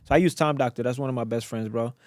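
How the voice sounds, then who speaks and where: A man from Africa, a guest entrepreneur in a casual podcast interview, telling stories in a slangy, animated way with lots of repetition. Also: mid-range voice, rapid-fire, no echo.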